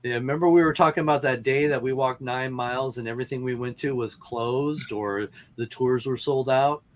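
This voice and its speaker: Man telling a relaxed story. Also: mid-range voice, brisk, a little hiss or hum. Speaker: guest, paranormal investigator. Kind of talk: casual chat.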